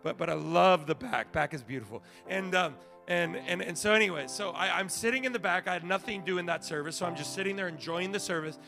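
A male pastor preaching a sermon, telling stories with big swings from shouting to hushed asides. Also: high voice, quick pace, creaky, few pauses, music in the background. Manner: animated storytelling, swings from shouting to quiet.

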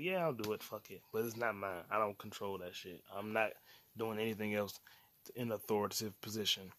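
A man in his late twenties hosts his own podcast solo, his voice fairly low, a bit bright, and free of room sound. It's a casual rant: loose and rambling, full of profanity and slang.

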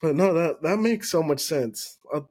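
A man's voice: a little high, normal speed, a little mellow. A man hosting a podcast, a Spanish speaker, chatting casually with his guest, encouraging her and laughing often. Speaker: podcast host. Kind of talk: casual interview chat.

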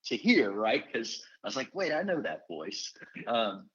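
A man with a husky voice hosts a relaxed podcast interview. He rambles and restarts his sentences often. The sound is somewhat muffled. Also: medium pitch, measured pace. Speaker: podcast host. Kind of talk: casual interview chat. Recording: dull lo-fi sound.

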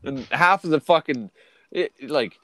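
A man's voice: fairly high pitch, expressive, unhurried, pushed and bright, dry recording. A middle-aged man hosting a podcast, rambling through crude, profane stories in casual chat. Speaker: podcast host.

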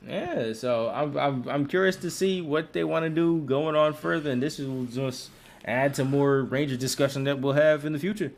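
A man's voice: a little high, moderate pace, creaky. A man co-hosting a podcast in casual chat, slangy and profane, laughing often. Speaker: podcast co-host.

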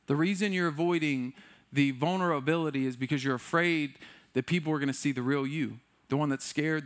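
Male pastor, sermon delivery, higher-than-average voice, swings from animated to quiet and earnest. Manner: candid, self-deprecating preaching.

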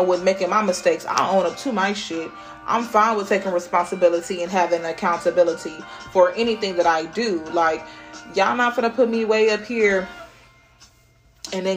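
A woman hosting a podcast, giving a casual spiritual pep talk in a blunt, profane way. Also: medium pitch. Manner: blunt and profane, swears freely. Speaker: podcast host.

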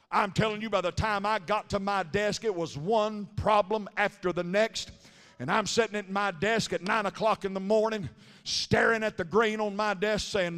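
A man preaching a Pentecostal sermon in a church, telling stories in a quick, rhythmic cadence and building up to shouted, chanted lines. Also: high voice, steady tone. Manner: punctuates lines with a breathy "huh". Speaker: pastor. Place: large church sanctuary. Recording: live sermon with long hall reverb.

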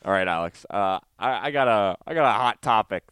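A man's voice: lowish voice, lively intonation, a little fast, a bit bright, clean tone, dry recording, studio quality. A young man co-hosting a podcast, chatting casually and rambling, stuffy with a cold and swearing freely. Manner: laid-back, profane, rambling. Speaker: podcast co-host. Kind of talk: casual chat.

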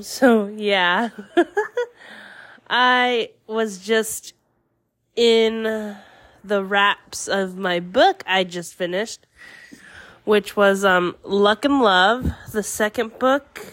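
Slow-talking young woman podcaster. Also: mid-range voice, a bit bright. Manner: slow, rambling, with many fillers and laughs. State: a little congested. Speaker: podcast host. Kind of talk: casual solo podcast chat.

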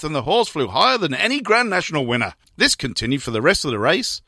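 A man hosting a sports radio show, casually chatting and reading out long jokes with animated voiced quotes. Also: fairly high pitch, no echo, studio quality.

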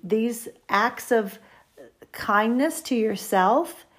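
A woman's voice: on the high side, lively intonation, very slow. A woman hosting a self-help podcast, talking straight to the listener in a chatty, coaching way. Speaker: podcast host.

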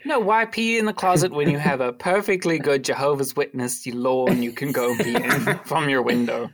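A man's voice: mid-range voice, moderate pace. A man co-hosting a podcast from a blanket fort at home, teasing and swearing casually, laughing, with a sniffly nose. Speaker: podcast co-host. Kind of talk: casual chat.

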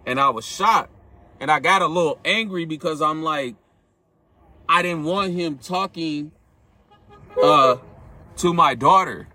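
Earnest man with a bright, forceful voice. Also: fairly high pitch, a little slow, pauses often, slight background noise. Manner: earnest, reflective, speaks directly to listeners. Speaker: podcast host. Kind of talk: personal storytelling monologue.

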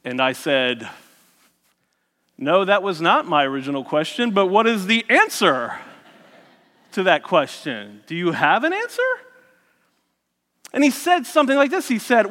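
Bright high-voiced man telling his story. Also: big pitch swings, measured pace, pauses often, in a large hall. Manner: candid storytelling with frequent restarts. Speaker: speaker sharing his testimony. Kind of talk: personal faith story told to an audience.

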